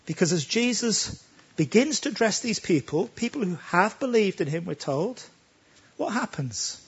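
A man preaching with emphatic conviction, his voice high and swinging widely in pitch. His tone is husky and breathy, and the sermon comes through a dull, lo-fi recording. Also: sing-song, normal speed. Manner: emphatic, with rhetorical questions.

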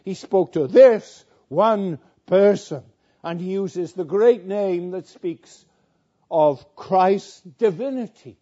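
A man preaching a sermon in a slow, deliberate way, quoting scripture and repeating phrases for weight. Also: sits high, expressive, mellow. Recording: dull lo-fi recording.

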